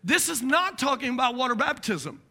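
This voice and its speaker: Preaching to his congregation, this middle-aged pastor has a very high, bright, piercing voice with a gravelly quality, and he moves at a moderate pace. Animated and joking, he acts out small quoted voices and mutters asides.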